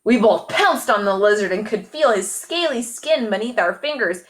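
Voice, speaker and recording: A woman reading a children's chapter book aloud, lively and animated, stopping now and then to ask the listener questions. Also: medium pitch, moderate pace. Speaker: storyteller.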